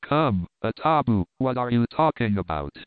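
A man's voice: mid-range voice, very animated, normal speed, clear, resonant tone, dry recording, natural voice. A man reading as a bold commanding jungle hero. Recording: dry, tinny phone-like sound.

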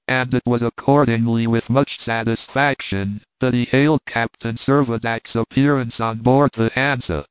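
A man narrating a novel aloud at a measured, steady pace. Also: mid-range voice, dry recording. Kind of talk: scripted audiobook narration. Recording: dry tinny phone-like sound.

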